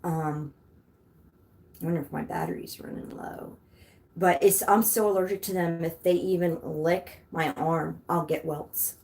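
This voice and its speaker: A woman's voice: fairly low pitch, steady tone, measured pace, gravelly, a little mellow. A woman hosting a casual livestream, rambling and chatty as she answers comments from her viewers. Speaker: livestream host.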